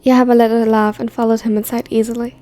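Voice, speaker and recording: A woman narrating a fan fiction story in a steady reading voice. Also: fairly high pitch, very fast, soft background music.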